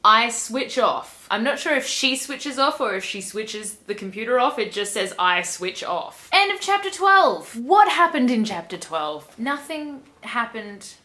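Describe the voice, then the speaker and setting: A young woman reading a book aloud on her vlog and breaking off for sarcastic, deadpan comments. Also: on the high side, a little slow, hardly any pauses.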